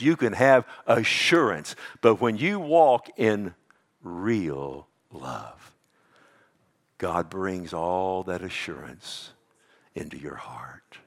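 A man preaching a sermon as pastor, swinging from hushed, intimate passages to loud, emphatic declarations. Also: medium pitch.

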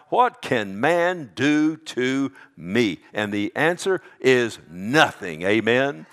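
Impassioned pastor swinging loud to whisper. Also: male voice, lowish voice, very animated, measured pace. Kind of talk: sermon.

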